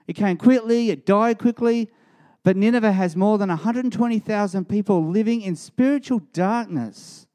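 A man's voice: sits high, normal speed. Emphatic male preacher. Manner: emphatic, rising to animated storytelling. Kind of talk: sermon.

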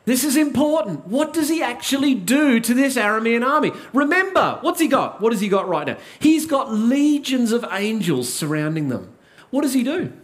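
A man's voice: very high-pitched, very animated, moderate pace. A man preaching a sermon, asking rhetorical questions and repeating key lines for emphasis.

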